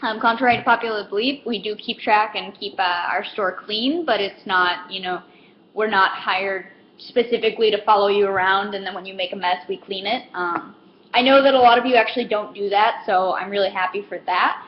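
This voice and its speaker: A comedic vlogger, young and female, speaks briskly at a medium pitch. Her monologue is casual stand-up in style, rambling, filler-laden, and full of acted-out customers. The sound is lo-fi: roomy, dull, and faintly hissy.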